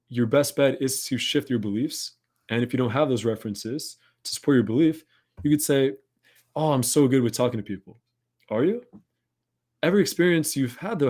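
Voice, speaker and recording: A man's voice: medium pitch, darkish tone. A man hosting a podcast, talking listeners through a self-help monologue in an earnest, encouraging coaching tone. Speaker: podcast host.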